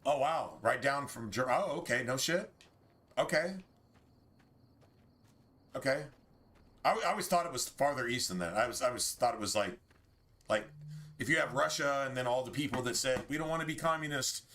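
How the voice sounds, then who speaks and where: Guy streaming a game, bright tense voice, rambly and sweary, just chatting. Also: mid-range voice, lively intonation, normal speed, long pauses. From United States. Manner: rambling, profane, opinionated. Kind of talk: casual livestream chat.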